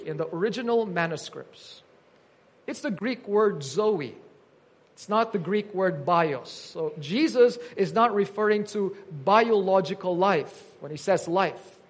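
A man's voice: high voice, slightly rough. A man preaching an earnest teaching sermon, quoting scripture with emphasis.

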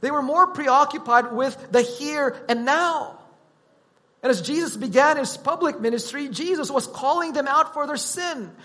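A man preaching a sermon, teaching in a deliberate, emphatic way. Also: very high voice, bright, forceful tone, big-room sound.

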